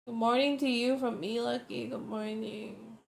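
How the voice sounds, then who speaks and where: A woman's voice: fairly high pitch, fairly even intonation, a little slow, vocal fry. A woman streamer chatting casually, a little tipsy, rambling and reacting to her chat.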